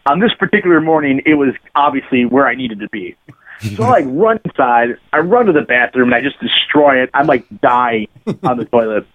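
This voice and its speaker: Over a phone-like, lo-fi recording, a man who plays bass tells a meandering, foul-mouthed anecdote as a podcast guest, chuckling along. His medium-pitched voice moves fairly quickly with lively intonation, in a casual storytelling chat.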